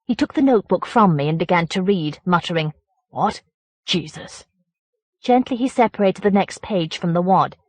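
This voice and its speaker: A woman reading a first-person horror story aloud as an audiobook narrator, in a measured, deliberate way. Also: on the low side, expressive, dry recording.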